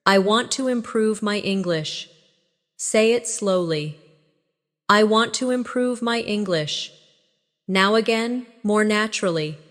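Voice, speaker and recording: A woman's voice: medium pitch, long reverb tail. A woman narrating a scripted English lesson, patiently drilling short everyday phrases for the listener to repeat. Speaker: English teacher.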